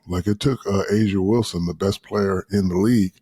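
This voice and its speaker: A man in his fifties, a podcast guest, telling animated, profane stories full of quoted asides. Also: low voice, normal speed, few pauses, slightly rough, no room sound. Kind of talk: casual storytelling.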